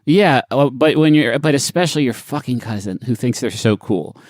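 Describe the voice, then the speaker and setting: A man's voice: mid-range voice, moderate pace, a little mellow, no room sound, studio quality. A man co-hosting a comedy podcast, reading web articles aloud and riffing on them with crude jokes. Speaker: podcast co-host.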